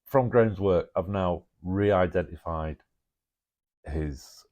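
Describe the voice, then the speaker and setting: A man's voice: sits low, takes it slowly, darkish tone, lo-fi sound. A man talking through his speculative ideas in a rambling monologue, thinking aloud with jokey asides and chuckles. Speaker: alternative history presenter.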